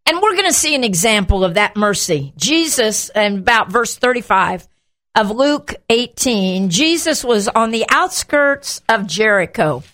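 A woman hosting a show, teaching from the Bible in an animated way and acting out the quotes. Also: a little high, a little slow. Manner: animated, acts out the quotes, shouts them.

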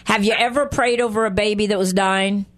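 A woman's voice: mid-range voice, brisk. A woman hosting a Christian radio talk show, teaching from the Bible and acting out the scenes with animation. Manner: animated, acts out scripture scenes in lively voices and laughs often.

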